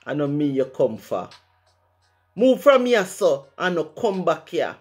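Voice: medium pitch, sing-song, measured pace, soft background music. A speaker from Jamaica with a Jamaican accent, reciting a rhyming poem in a rhythmic way, using patois phrasing. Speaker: poet.

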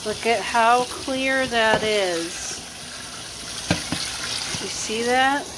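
With a fairly high voice and drawn-out words, a woman narrates her kitchen vlog while cooking and tidying up. Her talk is relaxed, sprinkled with fillers and asides, against a noisy background.

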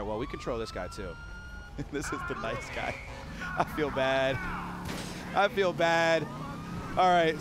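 Hoarse, excitable young gaming host. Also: male voice, a little high. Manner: hyped, giggly, shouts when excited. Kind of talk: excitable game commentary.

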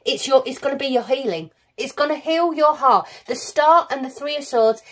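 Woman, high voice, tarot reader, effusive and encouraging. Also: moderate pace. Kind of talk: recorded tarot reading to viewers.

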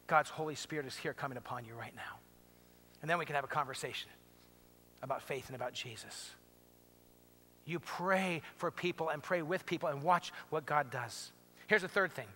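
High, bright-voiced preaching pastor. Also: male voice. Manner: impassioned preaching, drops to hushed tones for emotional stories. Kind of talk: sermon. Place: church sanctuary.

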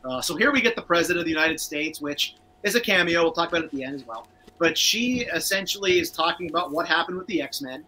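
A man's voice: a little high, expressive, quick pace, sharp tone, low-quality recording. A man co-hosting a casual cartoon rewatch show, chatting and reading out viewer comments. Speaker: podcast co-host.

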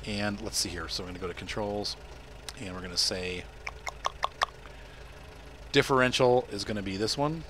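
A man's voice: on the low side, normal speed, long pauses, noisy background. A middle-aged man casually narrating a game as he plays, explaining each step as he goes. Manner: chatty, explains as he plays, talks to family off-mic. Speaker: gameplay streamer. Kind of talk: casual gameplay commentary.

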